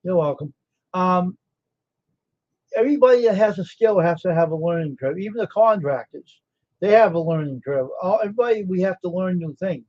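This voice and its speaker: Expressive and fairly quick, a screen printer's slightly high, a little mellow voice carries his casual livestream. He's tired and yawning yet confident, rambling and naming viewers as he talks, with dull, lo-fi audio.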